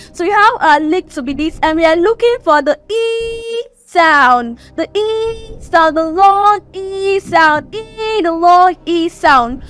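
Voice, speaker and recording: A woman from Nigeria tutoring exam students on vowel sounds in a recorded online lesson, slowly repeating and drawing out each word. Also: very high voice, a bit bright. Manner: slow, repetitive teaching, drawing out and repeating words.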